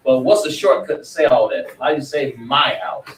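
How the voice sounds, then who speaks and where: A man's voice: mid-range voice, lively intonation, moderate pace, noisy background. A man teaching a class, preaching emphatically and quizzing his students. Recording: echoey room, mic far off.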